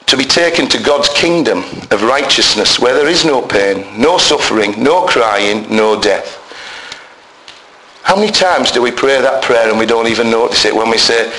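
A man preaching a sermon, hoarse from a bad chest, emphatic and animated, at times rising close to a shout. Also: mid-range voice. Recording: roomy echo, faint noise.

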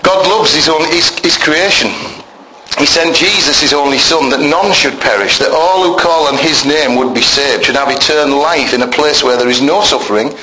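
A male preacher with a fairly high, bright, forceful voice speaks at a moderate pace, emphatic and conversational, often asking the congregation questions. Captured in an echoey, roomy space, the recording has faint church ambience and a little hiss or hum.

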